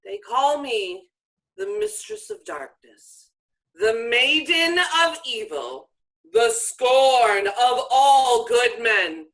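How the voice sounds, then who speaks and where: A woman's voice: fairly high pitch, animated, slow pace, fairly bright tone, low-quality recording. An actress playing a young, haughty witch who calls herself the Mistress of Darkness, speaking in a grandiose, commanding way and losing patience easily. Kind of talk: stage play acting.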